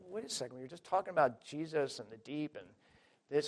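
A man preaching a sermon in an emphatic, conversational way, talking straight to the listeners and swinging between loud and quiet. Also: a little high, fast. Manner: addresses listeners directly as folks.

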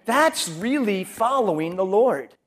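A man with a notably high-pitched voice delivers a sermon. His talk is chatty and conversational, and he slips into voicing the thoughts of the people he describes. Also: big pitch swings, slow pace, fairly bright tone. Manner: conversational, acts out quoted inner voices. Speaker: preacher.

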